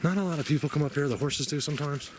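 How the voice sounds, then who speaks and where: A man's voice: on the high side, very fast. A man from New Jersey rambling casually as he films a walk through mountain woods, joking and talking to his viewers. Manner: rambling, chatty, joking asides. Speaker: bigfoot researcher vlogger. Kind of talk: walking vlog narration. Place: outdoors in mountain woods and a cave. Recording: noisy outdoor ambience.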